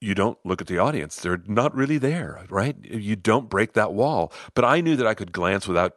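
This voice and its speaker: A middle-aged man telling a personal story in an animated way, acting out the lines of other people. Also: lowish voice, normal speed, no echo, studio quality. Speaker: host, storyteller. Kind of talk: personal story told to listeners.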